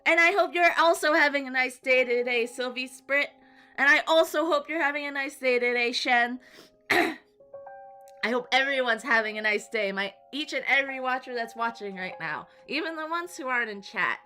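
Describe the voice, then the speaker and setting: A woman's voice: high voice, brisk, clear, resonant tone. A woman streamer chatting casually with her viewers, rambling and apologizing often. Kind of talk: casual live-stream chat. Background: soft background music.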